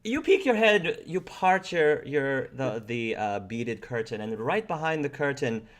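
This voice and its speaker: A man narrating as game master, describing scenes in a slow, rambling way. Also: mid-range voice, expressive.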